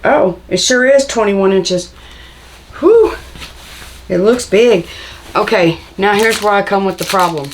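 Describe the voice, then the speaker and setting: A woman's voice: medium pitch, normal speed, a little hiss or hum, poor audio. Chatty older Southern woman teaching sewing. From Tennessee, USA. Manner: chatty, folksy, talks to viewers as y'all. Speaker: sewing channel host. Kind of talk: casual sewing tutorial. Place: home sewing room.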